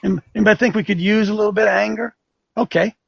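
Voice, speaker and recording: Gravelly, high-pitched fiery male host. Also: steady tone, fast talker, dry recording, dull audio. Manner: combative, rhetorical questions, preachy. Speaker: talk show host and coach. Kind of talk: fiery commentary with a call-in feel.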